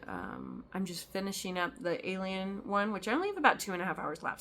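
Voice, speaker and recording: A woman's voice: mid-range voice, vocal fry, fairly bright tone, a little hiss or hum. A woman chatting casually as a cross-stitch vlogger, rambling with lots of ums and restarts. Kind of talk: casual chat.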